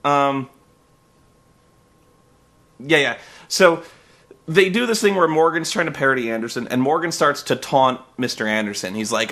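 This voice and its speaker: Bright-voiced man ranting sarcastically. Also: mid-range voice, normal speed, long pauses. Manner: profane, sarcastic, exasperated; rambling recap full of fillers. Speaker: host reviewing wrestling. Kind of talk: comedic review rant.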